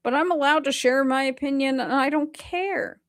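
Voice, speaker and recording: A woman's voice: high voice, normal speed. A woman hosting a casual reaction commentary, talking bluntly and defiantly with plenty of swearing. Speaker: host.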